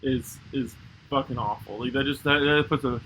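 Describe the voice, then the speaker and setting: A young man with a bright, forceful voice co-hosts a casual podcast chat. He tells stories in an animated way, swears freely, and laughs as he talks. A faint hum sits behind him. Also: medium pitch, moderate pace, rough recording. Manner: animated storyteller, swears often, laughs while telling stories. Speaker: podcast co-host.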